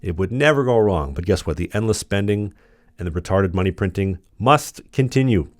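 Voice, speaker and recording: Deep voiced guy doing a blunt sarcastic political rant, dry close sound. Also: animated, a little fast, dry recording. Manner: blunt, combative, sarcastic, repetitive. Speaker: political commentary channel host. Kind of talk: ranting political monologue.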